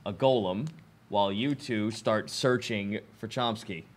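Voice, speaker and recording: Male player, lowish voice, brisk and directive, casual tabletop session.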